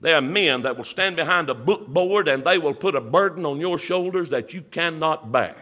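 A man preaching a sermon, stretching his words with many "uh" pauses and building to emphatic bursts. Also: on the high side, animated, sharp tone.

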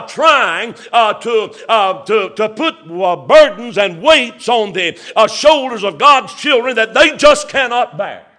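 A preacher man delivers his sermon in a high, bright, forceful voice. He drags his phrases with frequent "uh" pauses, then pushes up into emphatic bursts. His delivery is earnest and old-fashioned. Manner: preaching with rising, emphatic bursts and many "uh" fillers.

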